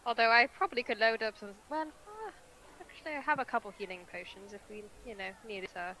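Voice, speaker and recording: Woman player, higher bright voice, hesitant, faint background hum. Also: lively intonation, fast talker, rough recording. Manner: hesitant, lots of fillers. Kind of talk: tabletop role-play.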